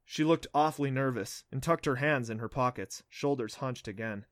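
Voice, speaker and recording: A man narrating a children's adventure novel in a steady, even storytelling way. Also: mid-range voice, normal speed, dry recording, clean studio sound. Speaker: audiobook narrator. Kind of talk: scripted narration.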